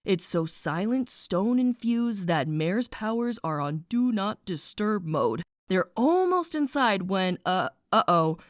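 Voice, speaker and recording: A woman narrating a snarky animated book summary, playful and sarcastic, with slang asides and spoken sound effects. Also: medium pitch, slow, hardly any pauses, dry recording, clean studio sound.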